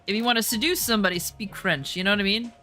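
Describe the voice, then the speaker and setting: A woman's voice: mid-range voice, moderate pace, pushed and bright, faint music behind. A woman in casual chat, reacting to a show, rambling with lots of "like" and restarts.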